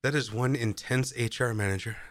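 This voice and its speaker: A man's voice: medium pitch, brisk. A man co-hosting a podcast, chatting casually over a movie with wry comebacks. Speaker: podcast co-host.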